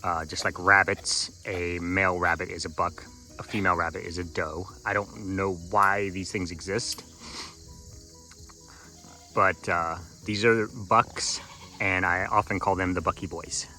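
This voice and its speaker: A man's voice: low-pitched, fairly even intonation, measured pace, pushed and bright. A man vlogging from his farm, chatting casually to viewers and playfully talking to his goats in baby talk. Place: outdoors on a farm.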